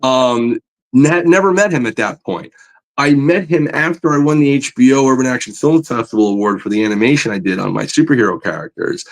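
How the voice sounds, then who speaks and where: Guest artist, excitable and chatty, average pitch. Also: male voice. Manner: enthusiastic, animated, many fillers. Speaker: guest, comic book artist. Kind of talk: casual interview storytelling.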